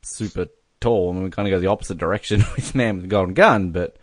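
A man's voice: low-pitched, fast talker, no echo. A man co-hosting a podcast, chatting casually through a film commentary with a joking, giggly manner. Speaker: podcast co-host.

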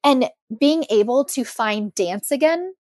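A young woman in her twenties, a podcast guest telling her personal story in an emotional, animated way. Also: high-pitched, measured pace, no echo, studio quality.

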